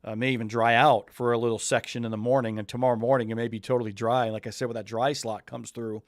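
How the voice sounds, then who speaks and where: A man's voice: mid-range voice, flat delivery, fast talker, no room sound, studio quality. A man from New England hosting a weather show, talking loosely and chattily and thinking aloud as he walks through the forecast. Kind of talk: casual live weather talk.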